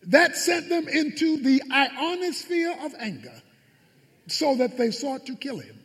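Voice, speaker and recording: A man preaches a sermon in an unusually high voice that swoops and climbs as he acts out scripture scenes with emphatic force. His voice rings out with long reverb, as if from a big hall. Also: sing-song, a little slow, a bit bright. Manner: emphatic preaching with dramatic retellings. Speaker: pastor.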